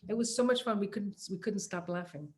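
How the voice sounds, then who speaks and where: A middle-aged actress answers interview questions about her acting work, speaking casually with many fillers and restarts and laughing easily. Her voice is medium-pitched and fairly quick.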